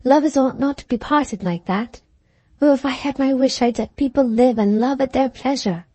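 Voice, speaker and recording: A woman reading a wealthy, eager young woman in an audiobook, in a lively, coaxing manner, with her voice lifted above her own. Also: sits high, moderate pace, breathy edge, no room sound, voice pushed up.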